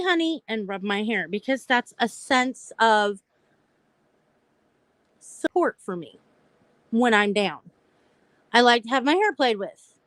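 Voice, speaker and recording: Her pitch sits fairly high, and the recording has no echo. As host of a mental health live stream, the woman chats casually and candidly, recounting her own experiences directly to the audience.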